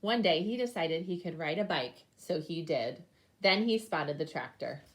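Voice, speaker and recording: A young woman teacher reading a picture book aloud to her class, with lively animal sounds. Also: low-pitched, moderate pace.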